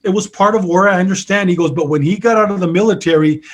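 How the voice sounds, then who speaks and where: High-voiced older man telling a story. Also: fast talker. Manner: earnest, retells with many quoted exchanges. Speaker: peer counselor and author. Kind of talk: storytelling in an interview.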